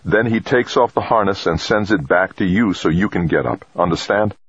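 A man voicing a focused male mission leader giving brisk instructions. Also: sits low, breathy edge, no echo, dull audio, voice pushed up. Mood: urgent.

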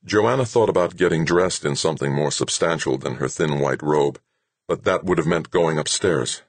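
Very deep husky male narrator. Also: no echo. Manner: steady, measured reading. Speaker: audiobook narrator. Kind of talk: scripted narration.

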